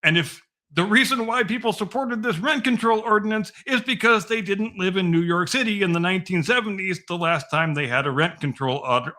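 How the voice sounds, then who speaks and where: A man's voice: high-pitched, brisk, hardly any pauses, bright, forceful tone. A man hosting a podcast in casual chat, opinionated and blunt, swearing freely. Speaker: podcast host.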